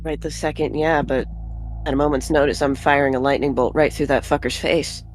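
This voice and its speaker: Woman playing her character earnestly, slightly low voice. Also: steady tone, a little fast, slight background noise. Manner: earnest, pleading, casual swearing. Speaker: player. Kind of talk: in-character tabletop play.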